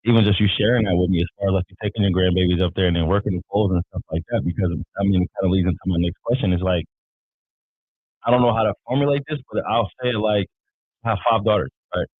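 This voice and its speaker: A man with a low, husky voice hosts an interview at a quick clip. He agrees readily and stumbles as he shapes his questions out loud. The audio is dry and tinny, like a phone line. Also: dry recording. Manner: halting, agreeable, thinks aloud mid-question. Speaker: interview host. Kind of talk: live-stream interview.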